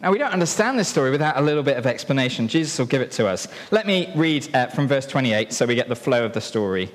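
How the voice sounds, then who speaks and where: Lively preacher in an echoing hall. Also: male voice, medium pitch, quick pace. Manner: lively, playful storyteller who directs helpers. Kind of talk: sermon with a live object lesson. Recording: long reverb in a hall.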